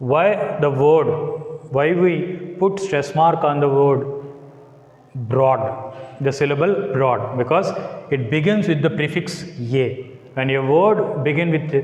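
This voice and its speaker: A man with an Indian English accent teaches a classroom lesson slowly and deliberately, spelling out letters and checking whether his students follow. His voice sits a little high. The room rings with a long, echoey reverb. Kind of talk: classroom lecture.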